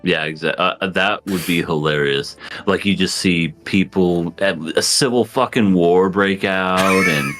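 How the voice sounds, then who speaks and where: A man co-hosting a casual podcast, telling crude, drawn-out stories and laughing often. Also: low-pitched, a bit bright, soft background music. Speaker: podcast co-host.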